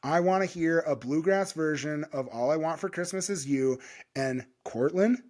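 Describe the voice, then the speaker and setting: A man with a fairly high voice co-hosts a podcast from a home studio. He talks loudly and jokes around, swearing all the time. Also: normal speed. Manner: loud, swearing, hyped and joking. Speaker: podcast co-host. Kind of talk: casual podcast chat.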